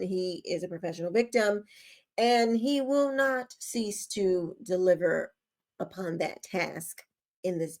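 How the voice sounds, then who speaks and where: A woman's voice: medium pitch, gravelly. A woman hosting her own commentary show, talking in a chatty, sassy way with lots of fillers. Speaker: host. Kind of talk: casual opinion commentary.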